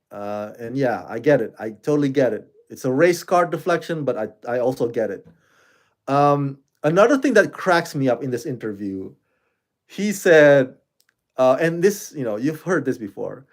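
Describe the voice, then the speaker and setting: A man hosting his own online reaction channel, talking casually to camera in a loose, animated way, with lots of fillers and restarts. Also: medium pitch. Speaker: YouTube reaction host.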